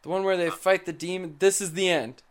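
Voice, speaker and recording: Teasing young man, slightly high voice. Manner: teasing, animated, quick laughs. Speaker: podcast host. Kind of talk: casual chat.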